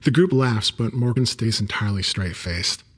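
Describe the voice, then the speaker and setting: A man reading a first-person story aloud as an audiobook narrator, in a wry, even storytelling manner. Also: on the low side, moderate pace, slightly rough.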